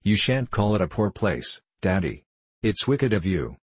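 A man's voice: fairly low pitch, very animated, measured pace, slightly rough, no echo, full character voice. A man voicing a proud, impulsive little girl who talks in a lofty, bossy way, from a storybook. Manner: lofty, bossy play-acting.

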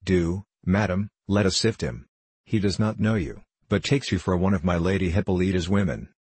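A man reading the part of a young maid who gossips and frightens easily, in a husky, low voice. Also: moderate pace, a little mellow, dry recording. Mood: chattering.

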